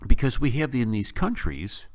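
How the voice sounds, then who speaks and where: Animated, sarcastic man ranting. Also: medium pitch, moderate pace, no room sound. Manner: animated, sarcastic, incredulous rants. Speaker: podcast host. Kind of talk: opinionated political commentary.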